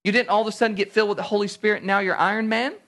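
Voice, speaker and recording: A man preaching a sermon, animated, acting out little everyday scenes in different voices. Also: high-pitched, racing, a little hiss or hum. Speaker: pastor.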